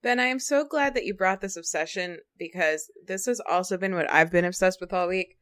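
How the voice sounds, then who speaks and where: A woman with a fairly low voice talks through a casual podcast chat. She rambles, circles back on herself and fills her speech with filler words. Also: a little fast, fairly bright tone. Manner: rambling, with many fillers and restarts. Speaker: podcast co-host.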